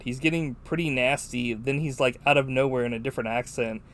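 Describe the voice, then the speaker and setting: A man's voice: medium pitch, fast talker, few pauses. A man co-hosting a podcast, chatting casually about a film in a rambling, profane way with many fillers. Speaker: podcast co-host.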